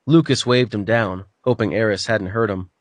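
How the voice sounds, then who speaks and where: A man narrating an audiobook with an even, storytelling delivery. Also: lowish voice, moderate pace, no room sound. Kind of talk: scripted narration.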